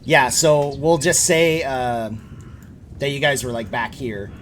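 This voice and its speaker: A man's voice: medium pitch, slow, fairly bright tone, a little hiss or hum. A man narrating as game master, with a loose, rambling delivery full of fillers.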